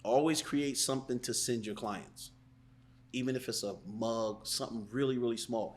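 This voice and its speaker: A man talking as a sales coach on a podcast, who keeps slipping into quick role-played customer and salesperson lines. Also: medium pitch. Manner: animated, acts out sales calls in different voices. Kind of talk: casual interview chat.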